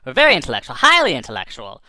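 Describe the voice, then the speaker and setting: A man's voice: mid-range voice, huge pitch swings, racing, sharp tone, dry recording, heavily acted. A man voicing a smug, brainy bird inventor. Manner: smug, matter-of-fact, a little indignant. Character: boastful brainy male bird rocket builder. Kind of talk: improvised storytelling.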